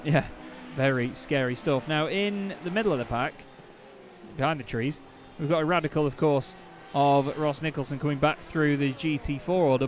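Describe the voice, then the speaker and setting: A man calling a sim race with a slightly high voice. He talks in a chatty way and corrects himself as he goes, and incidents make him excited. A steady noise hisses under his voice. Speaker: race commentator. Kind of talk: play-by-play sim racing commentary.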